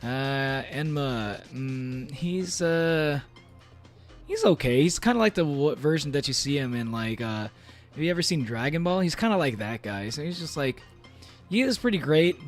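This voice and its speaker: Playful male streamer, slightly high voice. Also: lively intonation, moderate pace. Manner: playful, rambling, joking in character as a demon; many fillers and restarts. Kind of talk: casual livestream chat, reading aloud and reacting. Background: faint background music.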